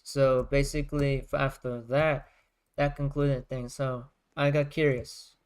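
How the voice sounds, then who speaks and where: A man's voice: mid-range voice, clear, resonant tone. A man, a music creator, chatting casually on a livestream, rambling and circling back to rephrase his points.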